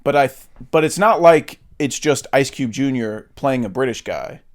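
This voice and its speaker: A man's voice: mid-range voice, animated, normal speed. A man co-hosting a podcast, chatting casually and with strong opinions, swearing now and then and using lots of fillers. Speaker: podcast co-host. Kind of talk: casual film chat.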